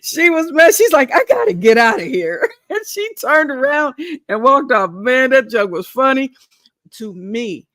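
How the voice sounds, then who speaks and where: A woman hosting a casual chat, telling a family story in a lively way and laughing often. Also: high voice, a little slow, no room sound, clean studio sound. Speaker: host.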